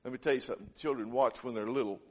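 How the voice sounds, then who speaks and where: A man's voice: mid-range voice, fairly even intonation, rapid-fire, a little mellow. A man preaching a sermon, telling homespun stories in a folksy way. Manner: folksy storytelling, homespun phrasing. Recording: long hall reverb.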